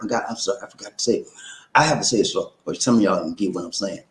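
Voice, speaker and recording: A man's voice: low voice, lively intonation, very fast, roomy sound, low-quality recording. A man hosting a casual live show, playful, chanting call-and-response lines and slipping into rhymes. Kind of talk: casual live-stream chat.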